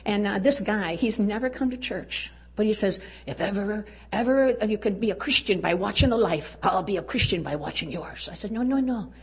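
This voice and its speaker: A woman's voice: mid-range voice, moderate pace, hardly any pauses, breathy edge. An older woman giving a folksy, exuberant testimony talk at a church women's event, urging and cheering her listeners on. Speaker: women's conference speaker.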